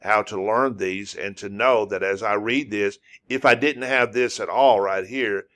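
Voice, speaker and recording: A male teacher with a lowish voice talks through a lesson very slowly and casually. He hesitates a lot, restarts his sentences and stretches out sounds to show how they go. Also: fairly bright tone. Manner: slow and halting, many uh fillers and restarts; demonstrates sounds by drawing them out. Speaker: language teacher. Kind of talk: casual spoken lesson at a whiteboard.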